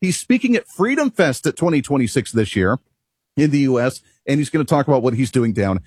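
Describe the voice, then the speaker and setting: A man's voice: medium pitch, big pitch swings, a little fast, a little mellow, slightly rough, dry recording, studio quality. A male radio talk show host delivering an opinionated monologue, emphatic and rhetorical, chuckling at himself now and then.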